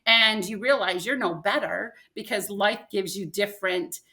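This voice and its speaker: Bright-voiced older woman telling stories. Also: mid-range voice, normal speed. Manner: animated storyteller acting out quotes. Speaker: podcast guest. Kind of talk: personal storytelling.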